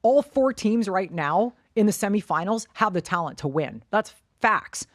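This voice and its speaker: A woman's voice: medium pitch, lively intonation, moderate pace, no room sound. A woman co-hosting a sports podcast, blunt and opinionated, swearing casually as she argues her points. Her voice sits in a middle range and the recording is dry and close. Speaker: podcast co-host.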